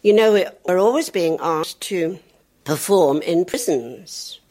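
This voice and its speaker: An older English comedienne spins family tales to a live crowd, her voice swooping up and down as she goes. She chats easily and chuckles at her own punchlines, jumping high whenever she quotes a child. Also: expressive, slow, mellow. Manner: chatty, jokey, laughs at her own punchlines; jumps high in pitch when doing children's and others' voices. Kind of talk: stand-up storytelling. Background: audience laughter.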